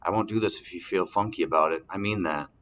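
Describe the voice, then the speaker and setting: A man reading an audiobook, voicing a middle-aged mother who speaks tenderly and softly pleads. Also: sits low, quick pace, slight background noise.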